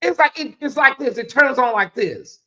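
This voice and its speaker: A livestream host giving live gossip commentary in a blunt, profane, animated way, with big swings in pitch. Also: moderate pace.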